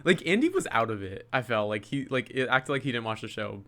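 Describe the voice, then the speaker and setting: A man's voice: lowish voice, brisk. A man co-hosting a podcast in casual chat, gossiping animatedly and acting out what others said. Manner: animated, gossipy, acts out quotes. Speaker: podcast co-host.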